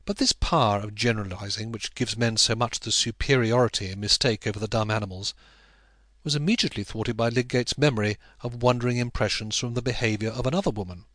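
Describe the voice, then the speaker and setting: A man narrating a classic novel as an audiobook reader, in a measured, even storytelling manner. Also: medium pitch, no room sound.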